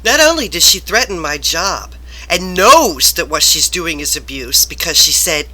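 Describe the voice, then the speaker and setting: A woman's voice: sits low, very animated, normal speed, bright, forceful tone. A woman vlogger ranting about work, rambling and exasperated, turning self-reflective. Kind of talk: rambling personal rant to camera.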